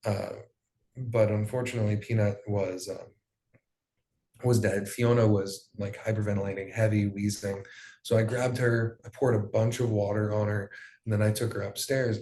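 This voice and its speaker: A man's voice: mid-range voice, brisk, a little mellow. A young man giving an emotional personal account as an interview guest, in loose, profane storytelling with plenty of fillers. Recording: roomy echo.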